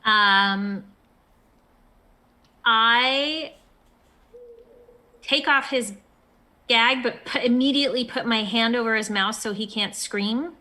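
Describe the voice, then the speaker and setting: Female tabletop player, unhurried and measured, crisp bright voice. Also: fairly high pitch. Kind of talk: tabletop role-play.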